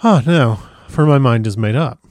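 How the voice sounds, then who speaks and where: A man's voice: medium pitch, animated, normal speed, a little mellow, dry recording, close to an everyday voice. A man voicing a brave, sorrowful young woman who states her grim resolve plainly and earnestly. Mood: solemn.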